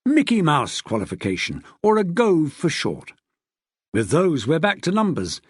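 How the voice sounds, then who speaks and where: Guy reading as a dry teasing teacher dad in a storybook, middle-aged, husky voice with big swings in pitch. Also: wildly swooping pitch, a little slow, dry recording, heavily acted. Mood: wry. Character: witty middle-aged male schoolteacher and father, wry and dry.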